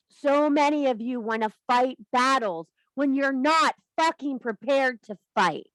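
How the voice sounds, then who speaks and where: A woman's voice: high-pitched, expressive, unhurried, hardly any pauses, fairly bright tone, no room sound. A woman giving a blunt, emphatic spiritual talk to the viewer, swearing freely and lecturing. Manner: preachy, addresses viewer directly. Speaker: spiritual teacher. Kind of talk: spiritual monologue to camera.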